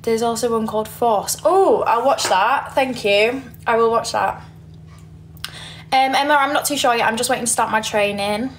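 A woman's voice: a little high, moderate pace, a little hiss or hum. A young woman with a Yorkshire accent, chatting casually on a livestream, reading viewer comments and giggling often. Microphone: phone.

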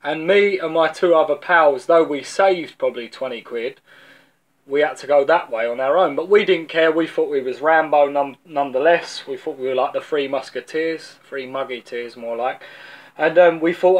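A London man with a slightly raised voice gives a relaxed, chatty sermon. He tells stories the way he would to friends, often doubling back on his words as he restarts. It is plain preaching rather than a polished delivery. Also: fairly high pitch, moderate pace. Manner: conversational storytelling, repeats words as he restarts. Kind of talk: informal video sermon.

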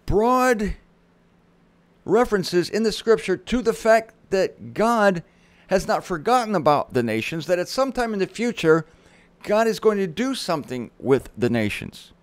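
A man's voice: high-pitched, big pitch swings, a little slow, long pauses, smooth, dry recording. A middle-aged man teaching the Bible in a sermon style, reading verses aloud with dramatic emphasis and dropping casual asides. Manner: conversational asides.

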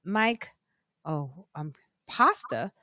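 A woman's voice: on the low side, very animated, extremely slow, pushed and bright, no room sound, clean studio sound. A woman hosting a casual live-stream chat, chatting loosely and reading out viewer comments as they come in. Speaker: podcast host.

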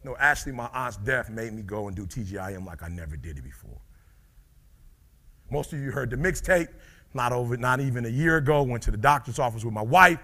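A middle-aged man giving a live motivational speech, dropping to low murmurs and rising to shouted peaks, calling out to the crowd. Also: expressive, brisk. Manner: preacher-like call and response with the crowd. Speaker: motivational speaker.

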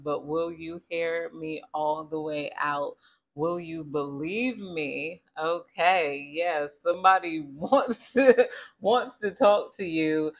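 A woman giving a casual tarot reading to viewers, chatty and conversational, often asking spirit to tell her more. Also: low-pitched. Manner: chatty and conversational, repeats 'Spirit, please tell me more'. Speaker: tarot reader.

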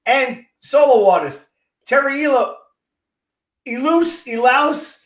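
A middle-aged man hosting a casual interview, jokey and quick to laugh, teasing his guest. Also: very high voice, lively intonation. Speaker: host.

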